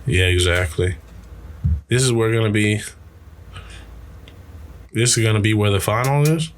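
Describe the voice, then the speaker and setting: Low-voiced young man joking crudely. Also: expressive, a little slow, a little hiss or hum. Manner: crude, joking, laughs often. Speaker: podcast co-host. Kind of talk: casual chat.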